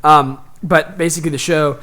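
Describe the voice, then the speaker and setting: Chatty young man, slightly high voice. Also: fairly even intonation, normal speed, bright, forceful tone. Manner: rambling, laughs often, acts out characters in his story. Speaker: podcast co-host. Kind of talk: casual chat.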